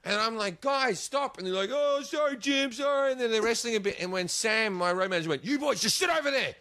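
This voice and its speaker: A man's voice: very high voice, animated, fairly quick, pushed and bright, dry recording. A man in his forties with an Australian accent, a comedian telling a crude, sweary story in a casual podcast chat. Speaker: comedian guest.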